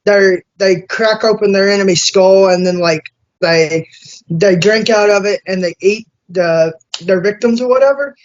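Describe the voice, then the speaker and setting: A man hosting an interview, chatting casually and excitably with plenty of swearing. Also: high-pitched. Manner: excitable, profane, fast bursts. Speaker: interview host. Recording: dull lo-fi sound.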